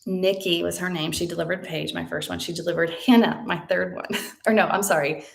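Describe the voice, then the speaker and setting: A woman's voice: on the low side, fairly even intonation, fairly quick, creaky, echoey room. A woman in her thirties, chatting casually to the camera as she tells a personal story, full of fillers and acted-out quotes. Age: 30s. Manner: chatty, emotional, many fillers, acts out quotes. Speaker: vlogger.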